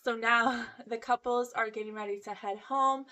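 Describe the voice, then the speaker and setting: A talkative woman recapping a reality show in a casual, gossipy way. Her voice sits a little high. She slips into playful impressions of the people she talks about. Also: steady tone, normal speed, hardly any pauses, pushed and bright. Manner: chatty, gossipy, acts out quotes. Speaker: recap vlogger.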